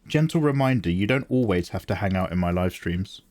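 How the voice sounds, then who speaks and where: Animated British man chatting on stream. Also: low voice. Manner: chatty, joking, answers chat with quick asides. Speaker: livestream host. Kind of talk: casual chat with viewers while drawing.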